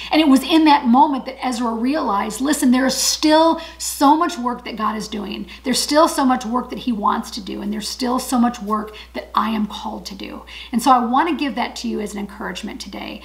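A woman's voice: on the high side, a little fast, vocal fry, few pauses, low-quality recording. A woman giving an encouraging Bible study talk, earnest and emphatic, repeating her key phrases.

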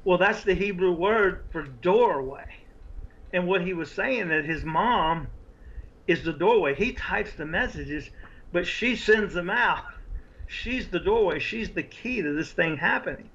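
Earnest storytelling man, slightly high voice. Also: unhurried, dull audio. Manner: animated, earnest storytelling with restarts. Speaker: author guest. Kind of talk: conversational interview storytelling.

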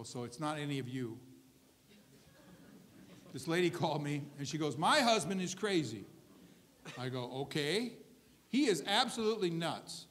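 A man preaching a sermon as pastor, telling a story in a conversational way with frequent asides to his congregation. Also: a little high. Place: church service.

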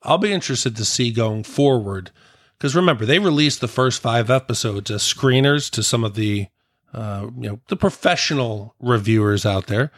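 A man in a casual podcast chat with a middle-pitched voice. He rambles along in a relaxed way with easy fillers, recorded close and dry. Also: moderate pace, no echo. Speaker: podcast co-host.

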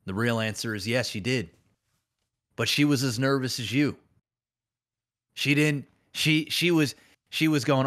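A man's voice: mid-range voice, unhurried, long pauses, a bit bright. A man hosting a podcast, telling a long comic analogy in casual chat, rambling and full of restarts. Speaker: podcast host. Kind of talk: comedic storytelling in casual chat.

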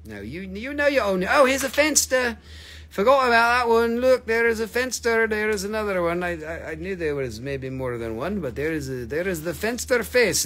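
A man's voice: a little high, fairly bright tone, a little hiss or hum. A man hosting a live crystal sale stream, joking playfully and chatting with viewers as he shows each piece. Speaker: host selling crystals on a livestream. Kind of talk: live sales stream chat.

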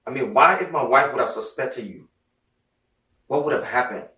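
A man's voice: medium pitch, normal speed, pushed and bright, close to an everyday voice. An actor with a Liberian English accent playing an evasive married man, defensive and pleading with both his wife and his mistress. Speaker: married husband. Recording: echoey room.

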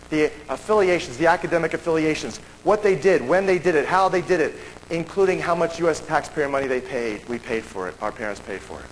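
Animated storytelling man, slightly high voice. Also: a little hiss or hum, poor audio. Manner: acts out dialogue with raised pitch, drops to a hush. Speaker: speaker at a seminar.

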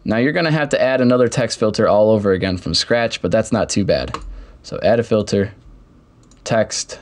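A young man casually walking through software steps in a screen-recorded tutorial, with keyboard typing behind him. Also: on the low side, moderate pace. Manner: step-by-step, casual explaining. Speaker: tutorial host.

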